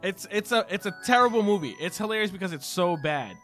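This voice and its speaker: Young male co-host, rambling laughing storyteller, slightly high voice. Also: animated, fast, fairly bright tone, soft background music. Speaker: podcast co-host. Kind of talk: casual chat.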